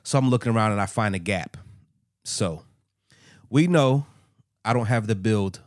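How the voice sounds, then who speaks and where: A man's voice: lowish voice, normal speed, dry recording, clean studio sound. A man co-hosting a podcast, telling stories in a loose, rambling way with lots of fillers. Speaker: podcast co-host. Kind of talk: casual chat.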